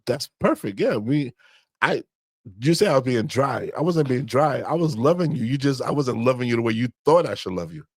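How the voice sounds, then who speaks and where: Calm, dry-spoken man. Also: medium pitch, a little fast, breathy edge, no echo. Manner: calm, dry, matter-of-fact. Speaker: podcast co-host. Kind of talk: casual conversation with spouse.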